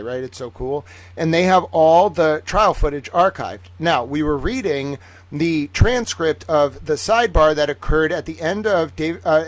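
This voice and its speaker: Guy streaming live, kinda high voice, super animated, goes quiet then loud, dry close mic. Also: no room sound. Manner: animated, theatrical, swings between hushed asides and loud bursts. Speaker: livestream host. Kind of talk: excited livestream chat with viewers.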